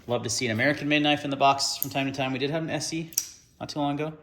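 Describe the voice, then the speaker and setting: A man's voice: fairly high pitch, racing, background noise. A man hosting an unboxing video, talking casually and ranting in frustration about the gear.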